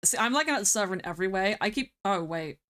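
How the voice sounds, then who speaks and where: A woman's voice: medium pitch, animated, quick pace, fairly bright tone. A woman streaming a game, chatting casually, thinking aloud and laughing often.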